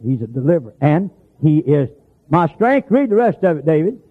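A man preaching in a gravelly, husky voice, folksy and telling stories, now and then rising to loud emphatic hollers. The sound is thin and tinny, like a phone line. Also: on the high side, very animated, moderate pace. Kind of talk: sermon.

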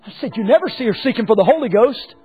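A man preaches a sermon in a very high, husky voice. He swings from quiet, drawn-out lines to shouted ones, full of fire. Faint music sits underneath. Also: expressive, phone-quality sound. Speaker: pastor.

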